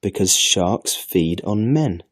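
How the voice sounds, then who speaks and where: A man's voice: low-pitched, animated, slow, dry recording, clean studio sound, full character voice. A man voicing a sulky, boastful young boy who talks down to his guest in a storybook reading. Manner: dismissive, know-it-all.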